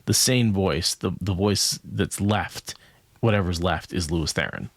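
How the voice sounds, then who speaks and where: Speaking slightly slowly in a deep voice, this podcast co-host muses over a book in a loose, rambling manner. He keeps checking in with "right?", and the recording carries no room sound.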